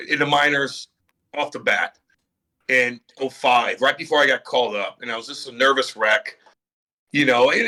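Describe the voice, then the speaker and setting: A middle-aged man with a bright, forceful voice spins animated stories in a casual podcast chat. He acts out every quote, swears freely, and keeps the tale rolling with lively energy. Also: medium pitch. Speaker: former pro hockey player, guest.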